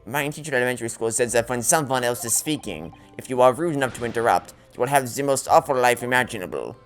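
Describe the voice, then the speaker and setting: A man's voice: mid-range voice, fast, natural voice. A pompous, petulant foreign prince, as a man puts him on with a clumsy attempted German accent, in a game playthrough. He whines and insists stiffly. Faint music plays behind him.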